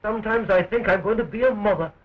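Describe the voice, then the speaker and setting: A man's voice: high voice, fast, close to an everyday voice. An actor playing a joking young man who fights to free his sweetheart, in early talkie film style, with a dull, scratchy 1920s film sound.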